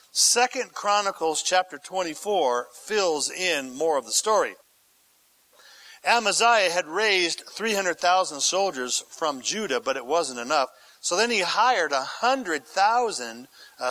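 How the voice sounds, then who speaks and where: A male pastor with a high-sitting, pushed, bright voice preaches an expository sermon, reading scripture aloud and then questioning listeners conversationally. The audio quality is poor.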